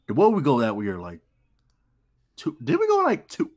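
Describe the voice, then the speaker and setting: Lively young man in sports banter. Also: medium pitch, moderate pace. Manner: animated, joking banter. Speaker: co-host. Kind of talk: casual sports talk.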